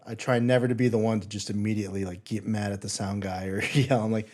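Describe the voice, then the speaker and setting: A man's voice: fairly low pitch, steady tone, quick pace, few pauses, darkish tone. A man hosting a podcast who tells stories in a chatty way about playing music. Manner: chatty storyteller, acts out quotes. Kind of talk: casual podcast chat.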